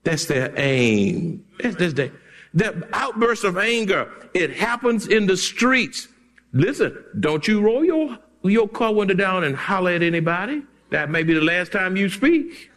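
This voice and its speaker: Male pastor, high voice, big swings; emphatic preacher who shouts and chuckles. Church reverb. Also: sing-song, measured pace. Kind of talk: sermon. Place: church sanctuary.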